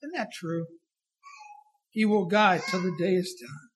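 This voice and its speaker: A man preaching a sermon with impassioned delivery, rising to loud emphasis and dropping to a hushed quiet. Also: sits high, unhurried, breathy edge, low-quality recording.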